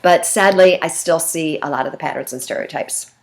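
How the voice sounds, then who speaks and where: A middle-aged woman giving a recorded lecture in a lively, conversational way, often checking in with "right?". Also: low-pitched, a little fast. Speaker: instructor.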